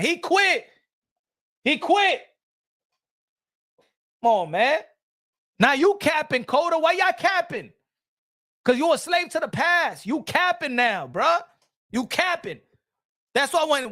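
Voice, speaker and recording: Very high-voiced man ranting heatedly. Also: fairly bright tone. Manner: heated, repetitive, profane ranting. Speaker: boxing commentary host. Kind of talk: casual ranting commentary.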